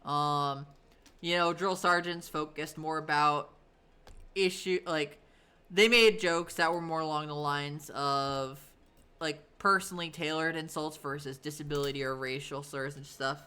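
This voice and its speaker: A woman in her thirties chats on a live stream from her home setup, her voice bright and sharp. She rambles loosely through her stories, with plenty of fillers and the odd swear word, and her tone stays clean and crisp. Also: low-pitched, steady tone, measured pace. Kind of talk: casual storytelling on a live stream.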